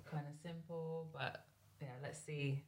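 A woman's voice: low voice, level tone, takes it slowly, a little mellow. A woman hosting a podcast, chatting easily and asking her guest questions. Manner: easygoing, asks questions. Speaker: podcast host. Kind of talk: casual interview chat.

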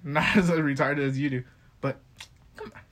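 A man's voice: fairly high pitch, moderate pace, a bit bright. A young man co-hosting a casual podcast, needling and mocking his friend with repeated taunts. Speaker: podcast co-host. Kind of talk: casual banter between friends.

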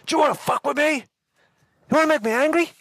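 A man voicing a big, angry Maori hostel worker with a New Zealand accent, shouting threats. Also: very high-pitched, fairly quick, voice pushed up. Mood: furious.

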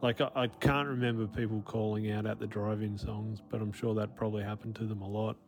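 A man's voice: lowish voice, little pitch movement, fairly quick. A man in a recorded interview, hesitant and laid-back, with some swearing. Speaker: interviewed musician.

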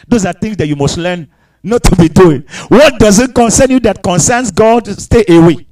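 A man preaching a sermon with emphatic repetition, sudden shouted bursts and quiet asides, breaking into tongues between points. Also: sits high, expressive, normal speed, poor audio.

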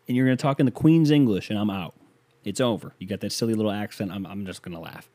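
A man's voice: lowish voice, very fast, dark tone, no room sound, clean studio sound. Sarcastic rambling male podcast host. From United States. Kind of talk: casual podcast monologue.

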